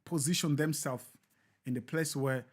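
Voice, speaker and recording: A man hosts a live show and talks in an emphatic, repetitive cadence like a preacher. His voice sits a little high. He drives his points home by saying them again and again. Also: moderate pace.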